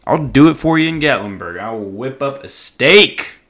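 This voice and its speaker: A young man hosting a casual solo podcast, rambling and joking, with sudden loud outbursts. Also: mid-range voice, expressive, normal speed. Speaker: podcast host.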